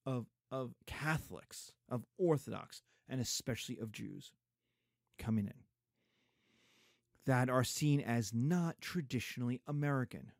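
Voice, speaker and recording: A middle-aged man lecturing on history in an animated way, slipping into mocking asides. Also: mid-range voice, gravelly, no echo, clean studio sound.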